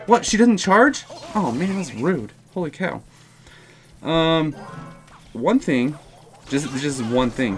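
A young man from the United States hosting a gaming channel, commentating his own match live, talking to himself and the viewers and jumping high in pitch when surprised. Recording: faint music behind the voice.

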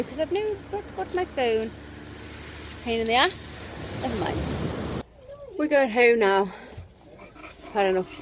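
Filming on a handheld camera at a beach and at home, a family travel vlogger talks casually, rambling and correcting herself as she goes. Her voice is on the high side, and the background is noisy.

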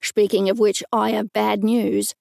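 An Australian woman voicing an anxious male ghost who pleads slowly and urgently in an audiobook. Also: medium pitch, little pitch movement, vocal fry, darkish tone, no room sound, clean studio sound. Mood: urgent, pleading.

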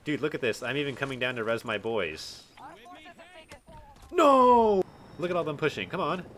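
Excitable young man yelling over gameplay. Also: mid-range voice, fast, a little hiss or hum. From Texas. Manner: excitable, swears and yells at enemies. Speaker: gaming streamer. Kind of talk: live gameplay commentary.

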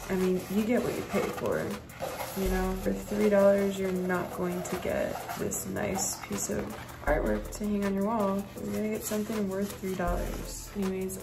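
A woman rambling through a casual haul vlog, saying \"like\" at every turn. She sounds worn out but keeps chatting. Her voice sits in an ordinary middle pitch, and loud music plays underneath. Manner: chatty, filler-heavy, \"like\" constantly. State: tired. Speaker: haul vlogger and mother. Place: at home.

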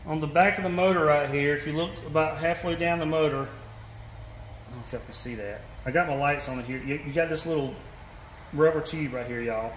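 In a casual how-to, a Georgia fishing channel host with a Southern accent explains a hands-on repair, sprinkling in "y'all," fillers, and restarts in his folksy way. He talks a little fast in a higher, slightly bright voice, with some faint background noise.

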